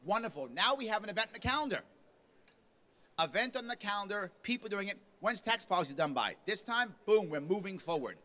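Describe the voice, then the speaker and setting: A man's voice: sits high, expressive, a little fast, pushed and bright. A man giving a punchy motivational speech at a party convention, acting out quotes with a raised voice. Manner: punchy, acts out quotes with rising volume. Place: convention lunch hall.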